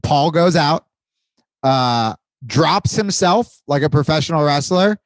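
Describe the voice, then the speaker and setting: A man's voice: fairly high pitch, expressive, slow pace, no echo. A man talking as a podcast guest, earnest and confessional, with plenty of swearing. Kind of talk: casual podcast chat.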